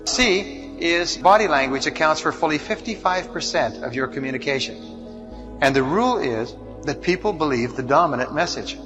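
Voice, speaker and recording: A man's voice: on the high side, expressive, moderate pace. A man giving a motivational seminar lecture, working through numbered points. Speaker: motivational speaker. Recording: dull lo-fi recording under music.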